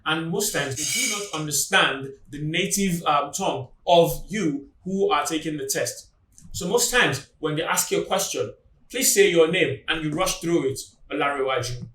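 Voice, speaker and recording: A man teaching an exam-prep lesson in a deliberate, emphatic way, slowing down for example phrases. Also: on the high side, fairly bright tone, echoey room, far from the mic, poor audio. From Nigeria. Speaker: IELTS tutor. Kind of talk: instructional video lesson.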